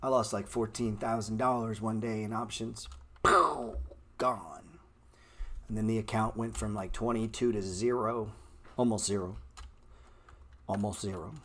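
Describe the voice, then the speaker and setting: A man's voice: lowish voice, steady tone, normal speed, a little hiss or hum. A man hosting a live stock-trading stream, answering chat in blunt, slangy street talk and calling viewers bro. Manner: repeats words playfully.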